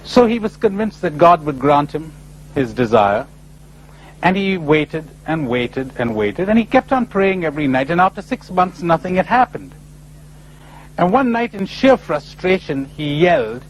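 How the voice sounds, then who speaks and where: A man delivers a spiritual lecture with stories. His voice sits a little high and swings widely, playful one moment and emphatic the next. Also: normal speed, a little hiss or hum, low-quality recording. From India. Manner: animated storyteller, playful and emphatic. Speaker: spiritual speaker.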